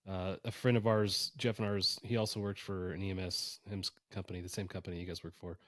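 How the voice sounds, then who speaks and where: A man's voice: low-pitched, level tone, brisk, no echo. A man hosting a podcast, speaking in an easygoing conversational way. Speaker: podcast host. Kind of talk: casual chat.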